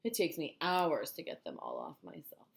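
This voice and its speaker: A woman's voice: low-pitched, huge pitch swings, moderate pace, gravelly, full character voice. A woman voicing a boastful, rascally male centipede in a storybook reading, bragging and gleeful.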